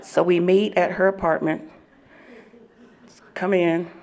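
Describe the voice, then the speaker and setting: A woman giving an animated personal testimony at a recovery meeting, laughing often as she tells it. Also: lowish voice, slow, noisy background. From Oklahoma.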